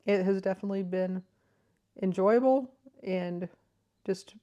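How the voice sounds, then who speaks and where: A woman's voice: mid-range voice, unhurried, lo-fi sound. A woman hosting a crochet vlog, explaining things in a thoughtful, enthusiastic way, with frequent ums. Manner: thoughtful, enthusiastic, soft-spoken with frequent fillers. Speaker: crochet vlogger. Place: living room.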